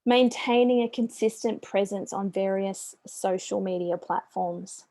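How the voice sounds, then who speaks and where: Brief: Australian woman, middle-aged business coach, warm mellow voice, chatty and upbeat, dry close sound. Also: medium pitch, a little slow, dry recording. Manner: chatty and upbeat, with friendly asides. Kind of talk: business presentation.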